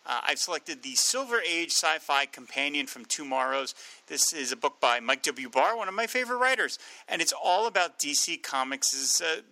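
A man's voice: on the high side, animated, normal speed, gravelly, bright, forceful tone, dry recording, rough recording. A man co-hosting a comic book podcast, chatting casually with fillers and laughs. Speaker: podcast co-host.

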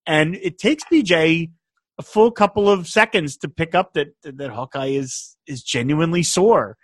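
A man co-hosting a casual chat, animated, laughing often and quoting lines. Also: a little high, a little slow, no room sound. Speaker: podcast co-host.

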